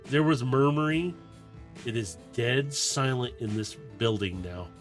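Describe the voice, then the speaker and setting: A man's voice: mid-range voice, expressive, measured pace. A man running a tabletop game as game master, narrating scenes in a loose, rambling way. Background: faint fight music.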